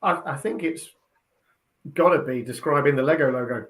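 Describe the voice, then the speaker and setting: A man guest on a quiz chat show, halting and self-deprecating. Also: a little high, fairly bright tone. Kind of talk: casual chat.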